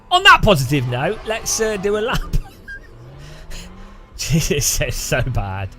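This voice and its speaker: A man's voice: fairly high pitch, huge pitch swings, takes it slowly, pauses often, pushed and bright, soft background music. A man streaming a sim racing session, chatting in a rambling, jokey way and often breaking into laughter. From United Kingdom. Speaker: gaming streamer. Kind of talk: casual chat while sim racing.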